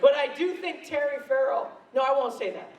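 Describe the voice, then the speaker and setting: A man's voice: extremely high pitch, brisk, distant mic, a crowd in the background. A man speaking on stage at a convention, telling laughing, self-mocking anecdotes into a handheld mic, recorded in an echoey hall from afar. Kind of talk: storytelling convention talk.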